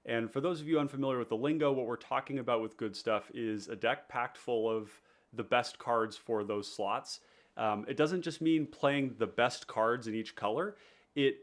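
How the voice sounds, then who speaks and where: A man with a nasal, congested voice, hosting a live stream in an easygoing, rambling way with many fillers. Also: medium pitch. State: under the weather, congested. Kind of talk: casual live stream chat.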